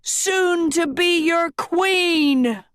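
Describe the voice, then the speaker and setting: A woman's voice: extremely high pitch, very slow, fairly bright tone, no echo, studio quality, voice pushed up, full character voice. A woman reading a storybook, voicing a young male usurper king who proclaims grandly to a crowd. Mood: triumphant.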